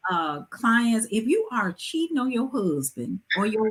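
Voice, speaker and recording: A woman hosting a live talk show, giving hair-care advice in a lively, preachy way with emphatic asides. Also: on the high side, measured pace, few pauses, slightly rough. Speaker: host.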